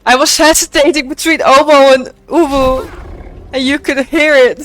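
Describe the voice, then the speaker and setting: A woman's voice: sits high, fairly even intonation, slow pace, a little hiss or hum. A young woman streaming a video game, chatting playfully with her viewers as she plays. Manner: chatty, playful, talks to her chat while playing. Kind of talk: casual gameplay commentary. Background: faint game music.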